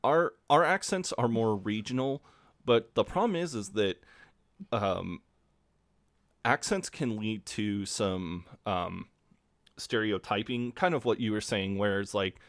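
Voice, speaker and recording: A man with a Midwestern American accent and a fairly low voice chats on a podcast. The sound is dry and close, and he rambles easily, leaning on "um" and "like.". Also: slow, no room sound. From Midwestern United States. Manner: rambling, laid-back, many fillers. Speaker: podcast co-host. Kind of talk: casual podcast chat.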